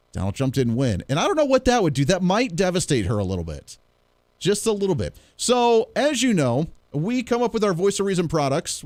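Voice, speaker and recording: A man hosting his own show, telling stories in a casual, animated way and acting out the voices of others. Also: a little high, no echo. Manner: animated storyteller, acts out quoted voices. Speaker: podcast host. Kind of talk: casual monologue.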